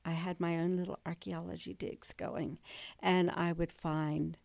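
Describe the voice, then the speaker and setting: A woman in her sixties tells stories with a low, gravelly voice and laughs often along the way. She sounds close and dry on the mic, in a relaxed talk show. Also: a little slow, no room sound. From Northern Virginia. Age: 60s. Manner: chatty storyteller, laughs often. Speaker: interview guest. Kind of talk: casual interview chat.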